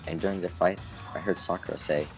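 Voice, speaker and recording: A man with a very deep voice reads game dialogue aloud, doing every character himself. He drifts into chatty side comments. Game music plays under him. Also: steady tone, fast. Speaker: let's play gamer reading dialogue aloud. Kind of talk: reading game dialogue with casual asides.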